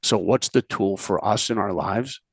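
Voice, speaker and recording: A man on a podcast, telling stories in an animated way, acting out characters' lines and quizzing the host. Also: lowish voice, normal speed, vocal fry, slightly rough, no room sound. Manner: animated, acts out characters' lines, asks the listener questions. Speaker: podcast guest, speaker and filmmaker. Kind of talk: animated storytelling in conversation.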